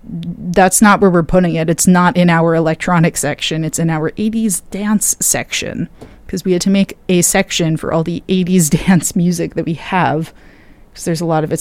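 A woman's voice: fairly low pitch, steady tone, moderate pace, a little mellow, no room sound. A tired young woman DJ chatting casually on air between records, rambling and interrupting herself. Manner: rambling, self-interrupting, with many fillers. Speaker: radio DJ.

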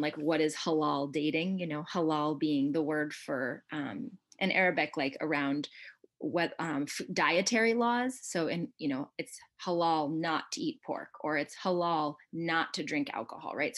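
A woman with a low-pitched voice, a guest on a book podcast, chatting casually and eagerly. She thinks aloud, restarts her sentences, and drops her voice to read quoted passages. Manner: reads passages aloud softly.

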